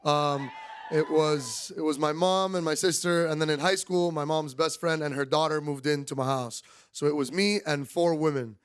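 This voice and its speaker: A young man from doing stand-up comedy, animated and acting out voices. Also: on the high side, moderate pace, clean tone. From Miami, USA.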